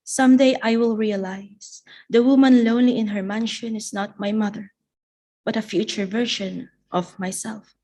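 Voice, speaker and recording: A woman poet giving a live poetry reading in a measured, deliberate recitation. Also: on the high side, steady tone, mellow.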